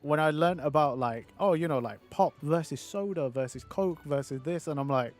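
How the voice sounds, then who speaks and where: A man's voice: fairly high pitch, moderate pace, hardly any pauses, soft background music. Casual chatty male streamer. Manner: chatty, reads viewer messages aloud. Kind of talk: casual livestream chat.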